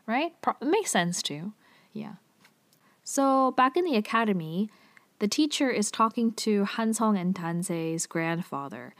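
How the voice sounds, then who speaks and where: A woman talking through a TV drama episode in a loose, conversational way. Her speech is full of "like" and casual filler, and her pitch sits in the middle of the usual range for a woman. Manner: chatty, heavy use of "like" and filler. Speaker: TV drama recapper.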